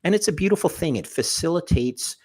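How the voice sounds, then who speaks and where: A man, a podcast guest, telling jokey anecdotes in a lively panel discussion, with a husky voice. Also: a little high, a little fast. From Canada. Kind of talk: animated storytelling in a panel discussion.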